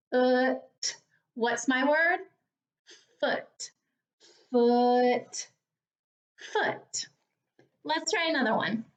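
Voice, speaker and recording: A woman teacher leading a phonics lesson for young children, speaking slowly and clearly with an encouraging tone. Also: high-pitched, highs cut off. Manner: slow, clear, encouraging, over-articulated.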